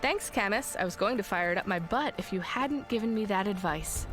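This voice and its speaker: A woman's voice: mid-range voice, lively intonation, fairly quick, natural voice. An actress voicing a wry, sarcastic young woman courier in a video game. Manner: dry, wry delivery. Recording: game dialogue over music.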